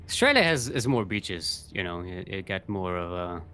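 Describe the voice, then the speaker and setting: A man's voice: low-pitched, very animated, moderate pace, bright, forceful tone. A man casting a live video game match, joking and often restarting his sentences. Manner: rambling, jokey, frequent restarts. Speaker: esports caster.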